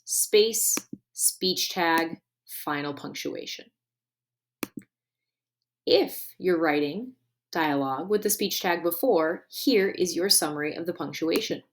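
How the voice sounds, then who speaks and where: Woman teaching a clear grammar lesson. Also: lowish voice, a little hiss or hum. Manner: clear and deliberate, stressing key words. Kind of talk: recorded online grammar lesson.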